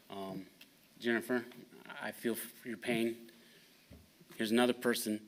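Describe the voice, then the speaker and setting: A man giving a blunt, indignant public comment at a town council meeting, with halting fillers. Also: mid-range voice, a bit bright. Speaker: resident speaking at public comment.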